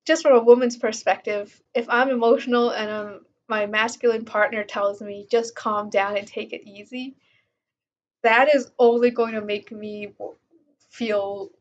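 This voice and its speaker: Casting note: woman with a slightly high voice, relaxed book-commentary delivery full of fillers, muffled recording. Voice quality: casual, with fillers like um and like. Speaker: book reviewer. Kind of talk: reading aloud and commenting on a book.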